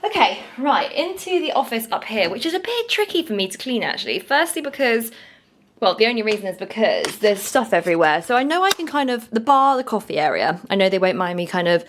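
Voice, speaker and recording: A woman's voice: on the high side, big pitch swings, brisk. Chatty British woman in an echoey office. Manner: chatty, goes off on tangents. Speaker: cleaning vlogger. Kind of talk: casual chat while cleaning. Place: office building indoors. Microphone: camera set down in the room. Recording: echoey room with faint noise.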